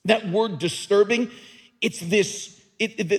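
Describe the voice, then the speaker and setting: Earnest high-voiced male pastor, reverberant hall. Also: a little slow, slightly rough. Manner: earnest, emphatic, repeats words. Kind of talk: sermon. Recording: long reverb of a large hall.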